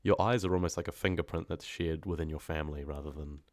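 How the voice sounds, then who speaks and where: Relaxed and easily amused, a deep-voiced New Zealand man rambles at a quick clip while chatting with his livestream audience. He narrates horror stories and streams, and his recording is dry and close, free of room echo.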